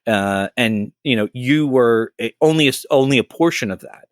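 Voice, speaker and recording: Rambling, animated podcast co-host man. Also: medium pitch, normal speed, no echo, studio quality. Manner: rambling, animated storyteller, heavy on "like" and swearing. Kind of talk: casual podcast chat.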